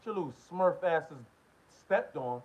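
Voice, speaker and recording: A man's voice: a little high, expressive, takes it slowly. An American man hosting a political commentary channel, delivering a heated, confrontational monologue full of profanity and repeated short questions. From United States. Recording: dull lo-fi audio.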